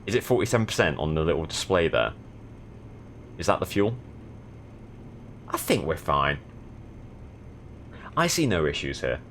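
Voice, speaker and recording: A man's voice: low-pitched, very animated, moderate pace, pauses often, a bit bright, slight background noise. A young man from the south of England chatting casually while streaming a driving game, with dry, sardonic commentary. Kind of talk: casual gaming stream chat.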